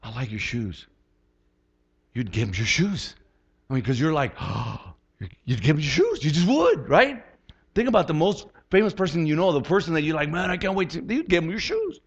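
A male pastor preaching a sermon in an animated, conversational way, often repeating words as he starts a thought. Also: on the high side, brisk, breathy edge, dull audio.

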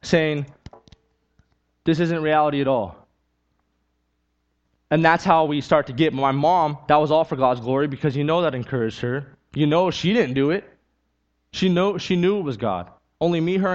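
A man's voice: fairly high pitch, fairly quick, muffled recording. A man preaching a sermon with a personal testimony, talking earnestly and conversationally, repeating key lines and building to emphatic peaks.

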